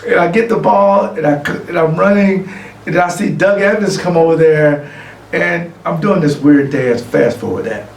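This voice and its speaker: Middle-aged man, award speech, gravelly and fairly high voice, echoey room, distant mic. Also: normal speed. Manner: lively anecdotal storytelling. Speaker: award recipient and guest speaker. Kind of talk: storytelling speech. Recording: echoey room from far off, faint ambience.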